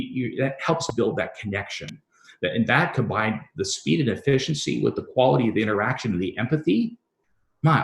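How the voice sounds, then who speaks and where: A man's voice: fairly low pitch, vocal fry, roomy sound. A man co-hosting a casual talk about car sales, earnest and emphatic, often tagging his points with "right?". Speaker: co-host. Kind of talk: casual podcast discussion.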